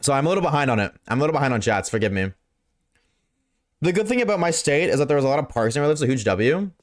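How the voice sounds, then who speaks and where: A young man streaming live, reading chat and reacting in a casual, slangy, excitable way, swearing freely. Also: medium pitch, fast talker.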